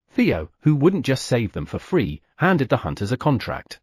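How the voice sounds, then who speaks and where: Husky, expressive male audiobook narrator. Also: medium pitch, moderate pace, few pauses, dry recording, clean studio sound. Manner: expressive storytelling. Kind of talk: scripted narration.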